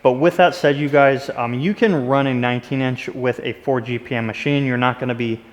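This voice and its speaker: A man's voice: mid-range voice, steady tone, fairly quick, big-room sound. A man who runs a pressure washing business, casually walking viewers through equipment and talking straight to them as "you guys.". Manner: enthusiastic, direct, addresses viewers as "you guys". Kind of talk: casual product walkthrough.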